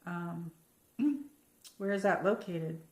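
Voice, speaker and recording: A woman's voice: on the low side, lively intonation, takes it slowly, darkish tone, reverberant. An American woman hosting a casual live-chat stream from home, rambling and reading out viewer comments. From United States. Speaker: livestream host.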